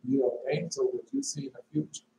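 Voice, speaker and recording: A man preaching an informal sermon, reading scripture and asking his listeners rhetorical questions, repeating lines and jumping sharply in pitch on emphatic words. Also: steady tone, fast, dark tone. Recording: echoey room with faint noise.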